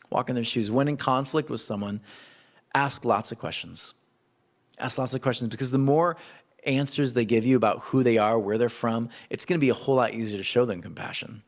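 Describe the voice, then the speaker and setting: A man preaching a sermon in an animated, conversational way. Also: mid-range voice, normal speed. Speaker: pastor.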